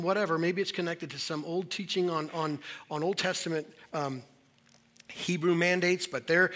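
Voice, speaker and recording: A man's voice: on the high side, pushed and bright. A man pastor preaching a conversational, emphatic sermon to a church service.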